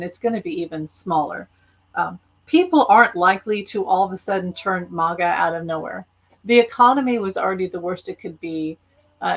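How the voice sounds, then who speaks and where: A woman's voice: mid-range voice, fairly bright tone. A woman talking casually on a live stream, rambling with frequent laughs and fillers. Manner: chatty, rambling, laughs often. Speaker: YouTuber and author.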